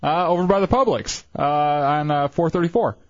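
A man's voice: fairly high pitch, normal speed, no room sound, dull audio. A man co-hosting a casual late-night radio show, laid-back and easygoing, with many hesitant fillers. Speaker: radio co-host.

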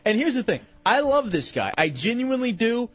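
A man's voice: very high voice, very animated, brisk, fairly bright tone, no room sound. A male radio talk show host chatting casually with callers, laid-back and rambling with lots of fillers. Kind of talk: casual radio chat taking calls. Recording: slightly dull radio broadcast.

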